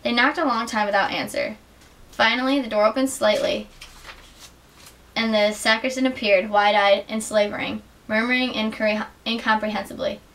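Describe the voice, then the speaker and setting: A young adult woman giving an earnest, measured dramatic reading of literary excerpts as a student reader. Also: a little high, fairly even intonation, a bit bright. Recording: distant mic with faint hiss.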